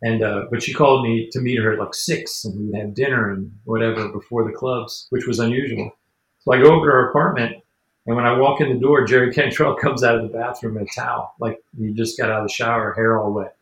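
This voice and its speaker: A man telling casual stories as an interview guest, rambling and animated, acting out what people said. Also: mid-range voice, fast talker, reverberant, poor audio. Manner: rambling, animated storyteller who acts out the quotes. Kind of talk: casual storytelling.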